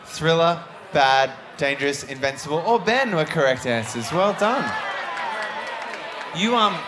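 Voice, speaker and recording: Man, live quiz host, brisk and teasing, slightly high voice, loud crowd and room noise. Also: animated. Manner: brisk, teasing, reads out answers. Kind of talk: live comedy quiz hosting. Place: live music venue with audience. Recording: noisy live venue with crowd.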